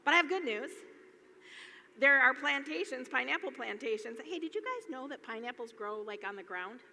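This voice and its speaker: A woman's voice: sits high, lively intonation, moderate pace, gravelly, bright, forceful tone. A middle-aged woman from Michigan telling rambling, chatty stories to a live audience from a stage, laughing often and looping back with "anyway.". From Michigan, USA. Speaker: speaker at a business event. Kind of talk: casual storytelling talk to a live audience. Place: large hall before an audience. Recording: echoey hall, faint noise.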